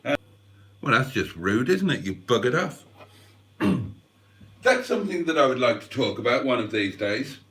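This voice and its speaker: A man hosting a livestream, chatting to viewers in a rambling, wry, self-mocking way and clearing his throat often. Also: medium pitch, very animated, normal speed, long pauses, fairly bright tone. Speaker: livestream host. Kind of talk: rambling casual chat to viewers. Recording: roomy sound, mic at a distance.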